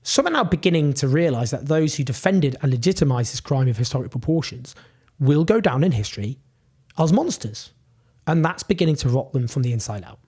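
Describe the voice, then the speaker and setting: Indignant husky-voiced male commentator. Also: medium pitch, very animated, fairly quick, a little mellow. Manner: indignant, emphatic, rhetorical questions. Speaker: political commentator. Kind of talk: scripted commentary.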